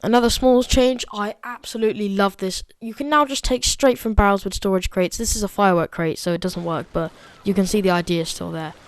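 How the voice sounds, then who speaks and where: A chatty, excitable woman walks through a game update in a casual review. She is a student and talks at a middling pitch, full of fillers as she reacts to each new feature. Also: fairly quick, no room sound. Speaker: gaming video creator.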